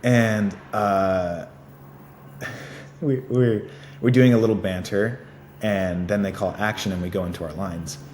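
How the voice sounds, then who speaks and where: A man's voice: lowish voice, steady tone, slow pace, long pauses, a little mellow. A man, an actor being interviewed, chatting casually with many fillers and easy laughs. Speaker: actor guest. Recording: echoey room with faint noise.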